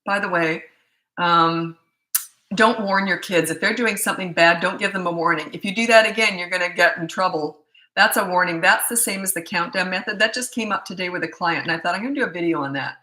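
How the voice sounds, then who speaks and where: A woman's voice: fairly low pitch, a little fast, pushed and bright, roomy sound. A middle-aged woman parenting coach giving blunt, chatty advice and telling stories from her own family life. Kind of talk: casual advice talk.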